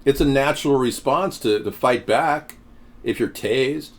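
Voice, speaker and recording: Guy hosting a political talk stream, ranting at chat, sarcastic and fired up, mid-pitched voice. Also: a little slow. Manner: indignant, sarcastic, talks back to chat. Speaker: political talk show host. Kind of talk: live commentary on video and chat.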